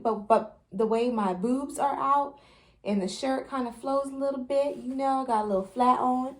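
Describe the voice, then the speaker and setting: A woman's voice: sits high, moderate pace. A pregnant woman, chatting animatedly with viewers in a casual storytelling vlog and laughing often. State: pregnant, briefly out of breath. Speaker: vlogger.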